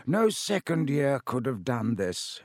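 A wise old headmaster speaks slowly and softly, yet firmly, as a male narrator puts him on. The voice sits a little higher than the teller's own, measured and unhurried. Recorded dry and close. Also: big pitch swings, no echo. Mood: calm, firm. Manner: slow, soft-spoken, firm.

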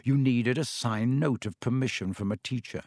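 A man reading a story aloud as narrator, expressive and measured. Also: mid-range voice, no room sound, clean studio sound. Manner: expressive reading with character voices. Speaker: audiobook narrator. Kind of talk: scripted narration.

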